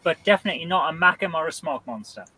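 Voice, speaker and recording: A man's voice: on the high side, lively intonation, quick pace, bright, forceful tone, breathy edge, poor audio. A man from County Durham, England, competing in a trivia quiz and trading witty jokes. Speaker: quiz contestant. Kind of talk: casual chat.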